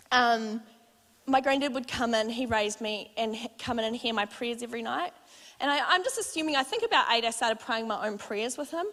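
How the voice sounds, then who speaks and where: A young woman gives a sermon in a church, telling her own story in a heartfelt, conversational way. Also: on the high side. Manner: heartfelt, conversational storytelling with lively re-enacted exchanges. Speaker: church speaker. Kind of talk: sermon with personal testimony. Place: church auditorium. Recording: church hall reverb.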